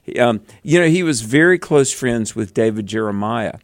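Southern male co-host, Bible teacher, earnest with emphatic bursts, mid pitch, dry studio sound. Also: lively intonation, moderate pace, no echo. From American South.

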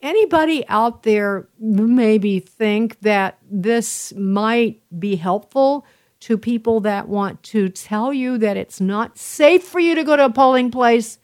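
Woman, host, casual monologue, emphatic repetitions, slightly high pitch. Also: slow pace. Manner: animated storytelling, emphatic repetitions.

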